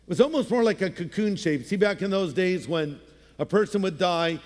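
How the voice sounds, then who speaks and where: High-voiced pastor preaching in a hall. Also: male voice, expressive, a little fast, darkish tone. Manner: conversational storytelling with playful voices. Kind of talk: sermon.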